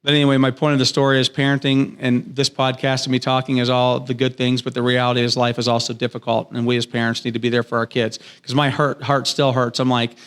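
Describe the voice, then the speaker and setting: A man in his thirties or forties talks casually as a podcast guest. His voice sits at an ordinary middle pitch. He tells stories earnestly and enthusiastically, acting out bits of dialogue as he goes. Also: fairly quick. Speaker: podcast guest, business owner. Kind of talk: casual interview storytelling. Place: podcast studio.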